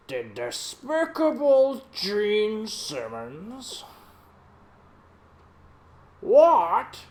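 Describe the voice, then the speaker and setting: A man doing an impression of a gloomy male stand-up comic, delivering slow, croaky, drawn-out insults in a raised voice. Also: high voice, full character voice.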